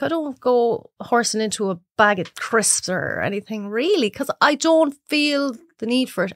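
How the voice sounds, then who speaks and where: Brief: young Irish woman, podcast guest, lively storyteller who acts out voices, dry close sound. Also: on the high side, dry recording. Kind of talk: casual chat.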